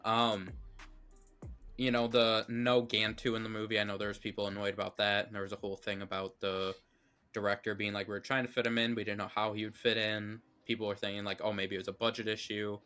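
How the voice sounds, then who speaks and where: A man's voice: lowish voice, little pitch movement, brisk, bright, forceful tone, smooth, soft background music. A man co-hosting a movie review show, chatting casually and giving blunt, opinionated takes full of fillers.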